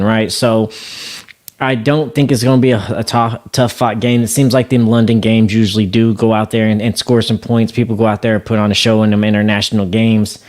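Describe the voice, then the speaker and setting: A man's voice: mid-range voice, a little mellow. Earnest ranting podcast man. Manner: earnest, ranting fan talk. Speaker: podcast co-host. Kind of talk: casual sports podcast chat.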